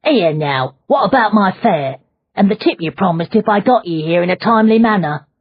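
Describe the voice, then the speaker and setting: A gruff, greedy London coachman, put on by a woman narrator, barking his complaints in a raised, coarse voice. The read is husky and close, with a slightly muffled, dry sound, like a storybook recording made in a small booth. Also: on the low side, animated, normal speed, no echo. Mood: indignant. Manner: grumbling, coarse, loud complaints. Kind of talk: audiobook character voice.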